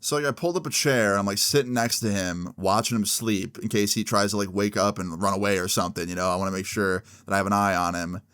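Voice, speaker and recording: A man telling a story in a casual vlog, chatty and animated with lots of slang fillers. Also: fairly low pitch, fast talker, few pauses, smooth.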